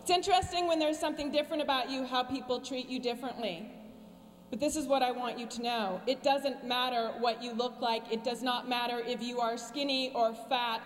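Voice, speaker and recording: A woman in her forties giving a commencement speech from a podium, with wry, sarcastic humor and deadpan asides. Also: fairly high pitch. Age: 40s. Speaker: commencement speaker. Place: large graduation ceremony venue. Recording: long hall reverb with faint hum.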